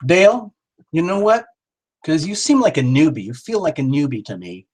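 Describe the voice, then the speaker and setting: A man's voice: fairly high pitch, lively intonation, normal speed, a little mellow, breathy edge. A middle-aged man hosting a live tarot stream, rambling and joking as he calls out viewers by name. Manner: jokey, rambling, talks straight to viewers by name.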